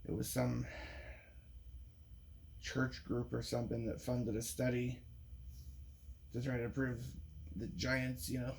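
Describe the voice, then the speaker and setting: A man's voice: medium pitch, flat delivery, slow pace, vocal fry, pauses often, slight background noise. A man in a rambling monologue, talking with frequent restarts and profanity. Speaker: vlogger.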